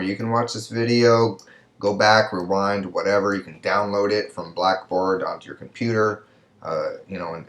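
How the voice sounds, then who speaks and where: A man's voice: fairly low pitch, reverberant. A man who teaches college Spanish, explaining exercises patiently on a screen recording and checking in often with "right?" and "okay?". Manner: patient, repeats answers with frequent "right?" and "okay?". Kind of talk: screen-recorded lecture walking through exercises.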